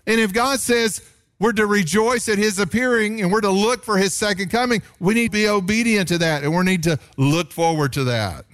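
Animated pastor preaching, man. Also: a little fast. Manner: animated preaching, pitch rising sharply on emphasis. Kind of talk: sermon.

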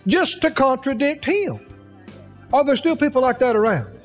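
A man's voice: very high voice, expressive, moderate pace, in a large hall, soft background music. A man preaching a sermon, emphatic, asking the congregation rhetorical questions.

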